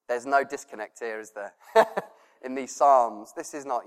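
A male pastor preaching a sermon, earnest, laughing softly and dropping to a hush when he quotes prayers. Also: mid-range voice, normal speed, long reverb tail.

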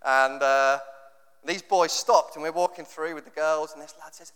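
A man's voice: fairly high pitch, steady tone, normal speed, a bit bright, clean tone. A man preaching a sermon in a conversational, jokey way, often acting out what people say. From England. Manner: conversational, jokey, acts out quotes. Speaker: pastor. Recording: long hall reverb.

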